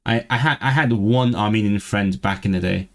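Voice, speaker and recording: A man's voice: lowish voice, normal speed. A man streaming live, chatting casually with a vaguely southern British accent and many stumbling restarts. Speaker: language-learning streamer. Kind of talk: casual livestream chat. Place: lives in northwest England.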